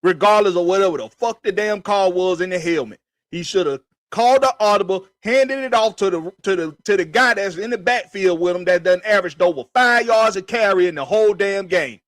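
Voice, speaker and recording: A man's voice: high voice, brisk, fairly bright tone, no echo. A man hosting a sports podcast, ranting in a profane, emphatic, repetitive way. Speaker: podcast host. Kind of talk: heated sports rant.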